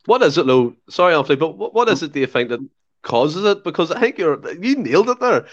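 Fast, animated man, blunt. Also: a little high, muffled recording. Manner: blunt, swearing. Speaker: podcast guest. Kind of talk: casual chat.

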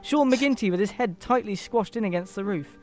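A high-voiced Englishman reads a comic Christmas story on a podcast at a brisk clip, with soft music behind him. He plays it up dramatically, giving every character a voice and breaking off for laughter and asides.

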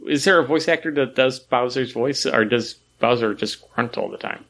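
A man co-hosting a casual comics podcast, jokey and animated. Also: mid-range voice, moderate pace, vocal fry. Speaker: podcast co-host. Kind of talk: casual chat about comics.

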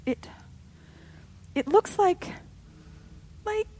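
A timid, easily scared woman, as a woman puts her on for a read-aloud story. She speaks in a high, nervous, pleading way, well above the reader's own voice. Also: sing-song, unhurried, mellow, slightly rough, full character voice. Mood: horrified.

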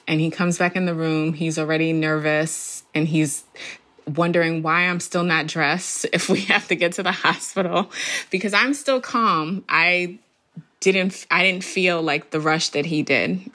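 A middle-aged woman calmly recounting a birth story, reflective and laughing softly at moments. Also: on the low side. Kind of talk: storytelling interview.

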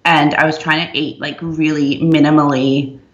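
A young woman co-hosting a podcast, chatting casually and emphatically, talking in quick bursts. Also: low-pitched, flat delivery. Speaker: podcast co-host. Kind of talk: casual chat. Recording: muffled, roomy sound.

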